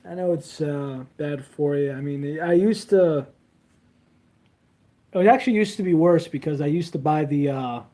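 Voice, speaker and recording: A young man chats loosely into a handheld phone while he streams. He is crude and meandering, with plenty of ums and trailing thoughts. His voice sits a little high for a man. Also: normal speed, warm tone. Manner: rambling, crude, many fillers. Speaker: livestreamer. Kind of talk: casual livestream chat.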